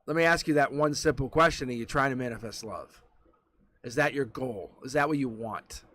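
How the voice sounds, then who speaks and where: A man's voice: medium pitch, a little fast. Blunt, profane tarot reader man. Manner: blunt, profane, animated storytelling. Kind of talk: live-stream tarot reading.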